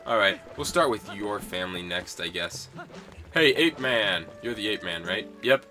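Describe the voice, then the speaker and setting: A man's voice: lowish voice, expressive, moderate pace, sharp tone, faint music behind. A young man casually commenting on a video game in a playful, rambling way. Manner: playful, rambling, chuckling asides. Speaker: let's-play gamer.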